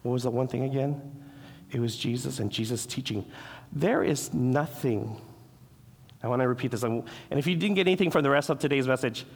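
A man's voice: medium pitch, a little fast, creaky, slightly rough. A man preaching a sermon as pastor, earnest, restarting his words and acting out the quoted voices. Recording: long hall reverb.

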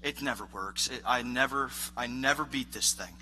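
A man's voice: mid-range voice, normal speed, a little hiss or hum, rough recording. A man pastor preaching a conversational sermon in a church, rambling and self-deprecating with lots of filler words. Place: church stage. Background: live worship band playing softly.

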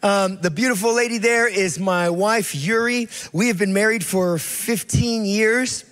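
A high-pitched man in his thirties preaches in a casual, storytelling way, acting out the people he quotes. His voice carries a long reverb from the church hall around him. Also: measured pace, fairly bright tone. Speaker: guest preacher. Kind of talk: sermon.

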